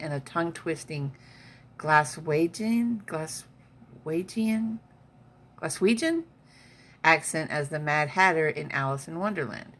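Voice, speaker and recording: A woman's voice: sits low, pushed and bright. A woman vlogging from home in a chatty way, reading an article aloud and adding her own comments. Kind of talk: casual chat.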